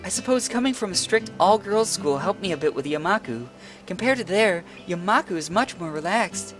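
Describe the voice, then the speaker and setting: A man voicing a polite, well-bred young female student, in a soft, refined and measured manner, over faint guitar music. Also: high-pitched, animated, pitched above the performer's own voice. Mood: gentle.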